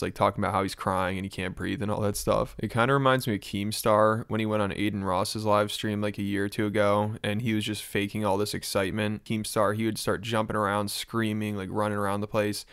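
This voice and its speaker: A man's voice: fairly low pitch, level tone, brisk, vocal fry, few pauses, a bit bright, clean tone, dry recording, clean studio sound. A man giving casual reaction commentary as a YouTube host, chatty and mildly exasperated.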